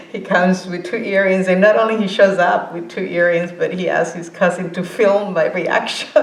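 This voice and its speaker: A woman in her forties giving an informal meditation talk, halting with many fillers and restarts, often breaking into laughter. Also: medium pitch. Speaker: meditation teacher. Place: meditation hall. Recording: roomy hall sound.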